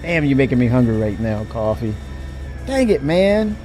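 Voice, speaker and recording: Relaxed man chatting on a live stream. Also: mid-range voice, normal speed, soft background music. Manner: animated, laughing, talking to chat. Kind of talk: casual live-stream chat.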